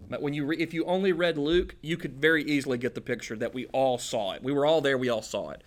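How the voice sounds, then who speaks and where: A man's voice: mid-range voice, fast talker. Casual, joking preacher man. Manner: casual and joking, with folksy slang. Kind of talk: conversational Bible-teaching sermon.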